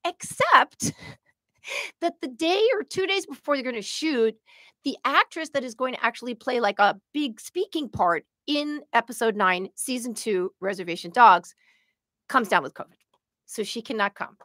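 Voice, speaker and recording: A middle-aged woman co-hosting a casual chat, telling an emotional story in an animated way. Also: a little high, moderate pace, dry recording, clean studio sound. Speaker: podcast co-host.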